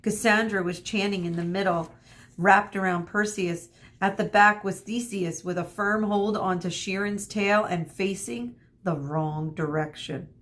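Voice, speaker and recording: Slow, expressive teacher reading aloud. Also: female voice, medium pitch. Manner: expressive, with asides to listeners. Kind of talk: reading a chapter book aloud to children.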